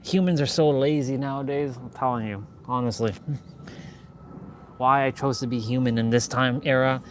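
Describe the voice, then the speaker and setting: Slow-talking young man chatting mid-workout. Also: medium pitch, fairly even intonation, a little hiss or hum. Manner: loose, joking, swears, repeats himself. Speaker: fitness vlogger. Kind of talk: casual chat while working out.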